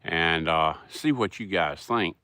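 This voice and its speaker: A man's voice: low voice, slow, bright, forceful tone, smooth, dry recording. A middle-aged man with a Southern US accent, hosting a casual livestream and rambling in a folksy way as he answers chat. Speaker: livestream host.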